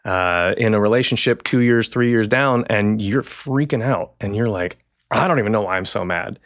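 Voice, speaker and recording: A man's voice: on the low side, moderate pace, a bit bright, dry recording, studio quality. A man appearing as a counselor guest on a podcast, reflective and casual, often slipping into quoted voices. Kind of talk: casual conversational interview.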